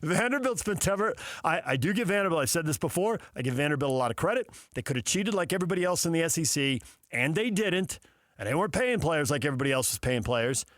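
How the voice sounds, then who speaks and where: A man's voice: on the high side, animated, fast, a bit bright, dry recording. A man hosting a sports talk show, riffing casually with sarcastic asides and mock dialogues.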